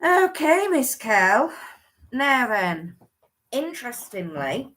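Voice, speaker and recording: Slow-talking woman reading cards. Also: a little high, very animated, a bit bright. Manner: chatty, restarts often, muses aloud. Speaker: livestream host and oracle card reader. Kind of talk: chatty live oracle card reading.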